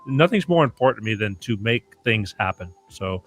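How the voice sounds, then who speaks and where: A man's voice: on the low side, animated, normal speed, a bit bright, faint music behind. A middle-aged man hosting a call-in radio show in a casual chat, rambling with many restarts and fillers. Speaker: radio talk show host.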